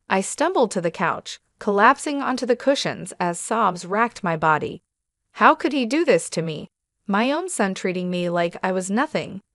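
A woman narrating a first-person family drama in a steady, even reading. Her voice sits in a middling range and is recorded very dry and close, with no room sound. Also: medium pitch, dry recording.

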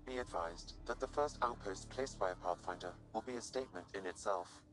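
Calm formal ai helper in a game, lowish voice, faint music under it. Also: male voice, fairly quick, poor audio. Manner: formal and matter-of-fact. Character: calm male AI ship assistant.

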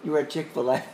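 A man's voice: medium pitch, creaky, warm tone, a little hiss or hum. A man teaching a Bible class who questions his listeners in a conversational way and chuckles often.

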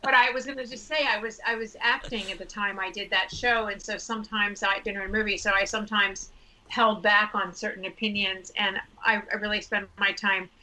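A woman guest on a comedy podcast, excitable and laughing, often restarting her sentences. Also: mid-range voice, fairly quick, a little hiss or hum, rough recording. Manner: excitable, laughing, self-interrupting. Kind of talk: casual comedic chat.

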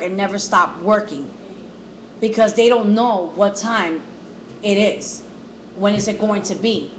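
A woman's voice: a little high, a little hiss or hum, poor audio. A woman leading a Bible study, reading scripture aloud and commenting, repeating words for emphasis, recorded on a phone. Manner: repetitive emphasis.

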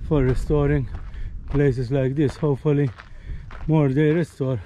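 A man's voice: mid-range voice, steady tone, a little slow, mellow, slight background noise. A man with a Maltese accent, talking casually as he films his hike outdoors, often tagging his phrases with "eh?" and getting tired and short of breath. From Malta. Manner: chatty, ends phrases with "eh?". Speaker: hiker vlogger. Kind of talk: casual walking vlog commentary. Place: outdoors on a hiking trail.

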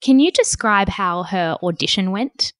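A woman podcast host asking measured interview questions. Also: medium pitch, animated, a bit bright, no echo.

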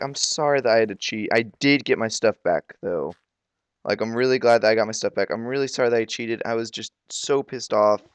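A teenage boy giving casual, excitable commentary while playing a video game, grumbling and exclaiming at what happens. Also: mid-range voice, clean tone, no room sound. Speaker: gaming video creator.

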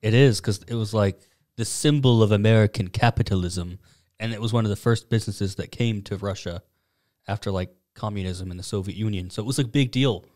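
A man co-hosting a comedy podcast, relaxed, telling the story with filler words and chuckles. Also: lowish voice, a little fast. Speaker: podcast co-host bringing the news story. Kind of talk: casual comedic chat.

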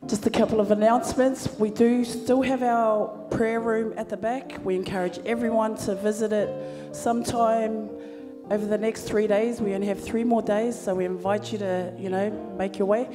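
Lively woman emceeing in a church hall. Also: medium pitch, moderate pace, music in the background. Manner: lively storyteller with audience banter. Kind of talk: joke-telling and announcements at a church service. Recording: hall reverb, live church sound.

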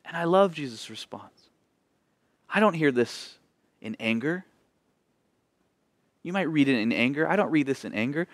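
Expressive higher-voiced male pastor. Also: moderate pace, pauses often, dry recording. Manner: expressive preaching, swinging between emphatic and hushed. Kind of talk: sermon.

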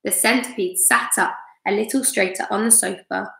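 A woman's voice: medium pitch, fairly even intonation, normal speed, creaky, fairly bright tone. A woman teacher reading a chapter book aloud to her students and encouraging them with praise. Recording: roomy echo.

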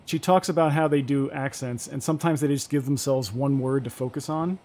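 A man's voice: mid-range voice, fairly even intonation, fairly quick, a little mellow. A man casually chatting and thinking aloud while playing a survival game on stream. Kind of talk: casual let's-play chat.

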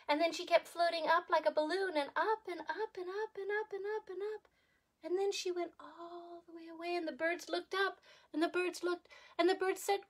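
A woman preschool teacher telling a story to young children, animated and sing-song, asking them questions as she goes. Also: extremely high pitch, moderate pace. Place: home.

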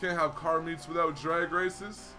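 A man's voice: a little high, steady tone, unhurried, sharp tone, faint music behind. A young man hosting a casual gaming livestream, chatting freely, greeting viewers and reading their messages aloud. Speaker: livestream host.

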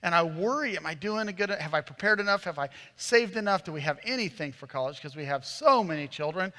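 A man's voice: high-pitched, expressive, fast, pushed and bright. A man in his thirties preaching a sermon as a pastor, telling a comic family story with self-mocking asides and acted-out voices. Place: church auditorium. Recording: long reverb of a large hall.

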